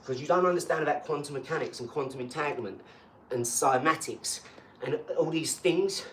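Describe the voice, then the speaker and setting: A boastful man rambling through a casual live chat, his voice a little high for a man. He sits some way off the mic in an echoey room, with a faint hum behind him. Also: brisk, recorded from a distance. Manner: boastful, rambling, animated rants.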